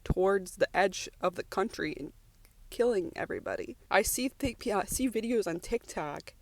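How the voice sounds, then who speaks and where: Gravelly-voiced young woman rambling emotionally. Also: medium pitch, dry recording. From United States. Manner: rambling, emotional, many restarts and "like"s. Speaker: vlogger. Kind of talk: personal voice-over podcast.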